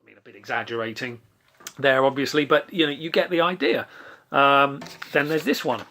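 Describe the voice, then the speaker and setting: A male saxophone teacher giving a relaxed lesson, chatting casually and scat-singing rhythm syllables to demonstrate, with self-deprecating asides. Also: mid-range voice, normal speed, slight background noise. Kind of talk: relaxed instructional talk.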